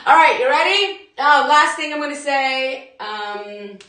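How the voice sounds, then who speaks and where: A high, bright woman's voice, a little slow and forceful, belongs to a fitness instructor chatting with viewers during a live workout class. She laughs often and speaks straight to them. The phone recording it sits far off in an echoey room.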